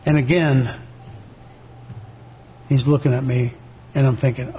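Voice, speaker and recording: An older man giving a church testimony about his past, halting with many restarts and repeated words, and acting out the voices of the people in his story. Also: mid-range voice, lively intonation, mellow, a little hiss or hum.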